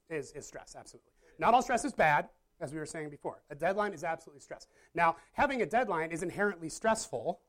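A pastor giving a casual, conversational sermon to a live audience, often checking in with listeners and joking at their own expense. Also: medium pitch. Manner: chatty, self-deprecating, asks the audience questions. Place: church or meeting room with a live audience.

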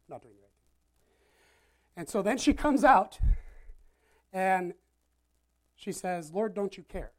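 A woman preaching a sermon in a casual, animated, conversational way, often checking in with "right?". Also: lowish voice.

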